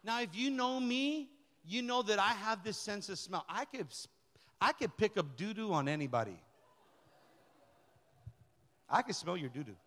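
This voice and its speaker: High-voiced man preaching in an echoing hall. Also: moderate pace, long pauses. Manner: lively, colloquial preaching with repeated phrases. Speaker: pastor. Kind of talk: sermon. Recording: long reverb of a large hall.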